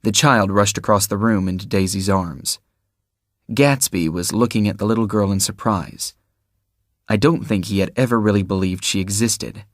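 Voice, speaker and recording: This is scripted audiobook narration by a man with a fairly low voice. He tells the story at a steady, measured pace into a close mic, with no echo in the room.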